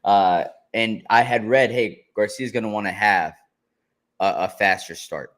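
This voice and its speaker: A man co-hosting a casual fight reaction show, relaxed and often laughing as he walks through the action. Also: lowish voice. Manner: relaxed, laughing, drawn-out play-by-play. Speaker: co-host.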